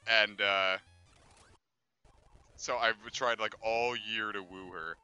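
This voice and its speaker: A man's voice: lowish voice, measured pace, pushed and bright, clear, resonant tone, no echo, muffled recording, soft background music. A man hosting a game stream, telling stories and cracking crude, playful jokes in casual chat. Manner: joking, crude, playful banter. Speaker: let's play host. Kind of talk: casual chat over gameplay.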